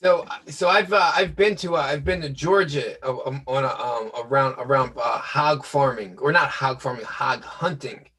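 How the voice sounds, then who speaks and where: Halting man with a husky voice. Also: mid-range voice, pushed and bright, far from the mic, low-quality recording. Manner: halting, many restarts and fillers. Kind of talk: casual chat.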